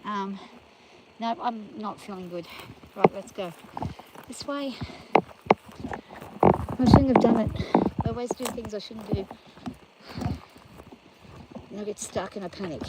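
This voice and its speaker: A woman in the middle of a walk outdoors, drained and overheated, talking herself through her nerves in a casual, rambling way. Her pitch sits in an ordinary middle range. Loud outdoor noise runs constantly under her voice. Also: moderate pace, long pauses. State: exhausted and overheated. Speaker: farm vlogger. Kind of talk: casual self-filmed chat while walking. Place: outdoors on hot rough ground.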